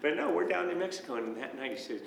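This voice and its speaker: Animated older man telling family stories. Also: on the high side, fast talker, vocal fry, over a noisy crowd. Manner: animated storyteller, laughs often mid-sentence. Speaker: musician recalling family. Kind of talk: casual reminiscing conversation. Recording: echoey room, mic at a distance, faint noise.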